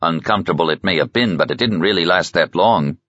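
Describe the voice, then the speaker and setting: A male narrator voicing an experienced male doctor who speaks in a measured, professional way, with a husky voice. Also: deep voice, a bit bright, no echo. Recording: slightly muffled sound.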